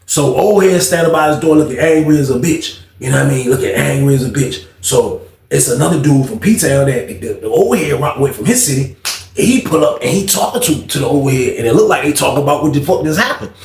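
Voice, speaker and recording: A man's voice: fairly high pitch, brisk, gravelly, echoey room. A man telling a story in a casual, slangy, profane way, acting out the people in it. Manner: slangy, profane, animated retelling with quoted voices.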